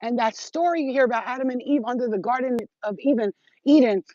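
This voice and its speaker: A woman talking as a spiritual healer in a rambling, animated and profane livestream monologue. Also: on the high side, fast, dry recording, muffled recording.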